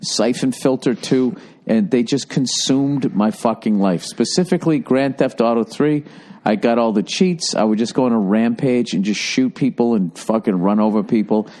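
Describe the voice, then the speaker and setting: A man's voice: mid-range voice, normal speed, a little mellow. A man co-hosting a casual comedy podcast, teasing and blunt, swearing freely as he tells stories. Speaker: comedian co-host.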